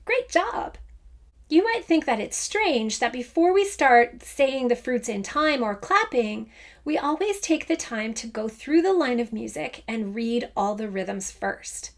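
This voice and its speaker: A woman's voice: fairly high pitch, animated. A woman teaching a children's music lesson, encouraging and chanting rhythm words aloud. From Canada. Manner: encouraging, speaks slowly and sings out rhythm words.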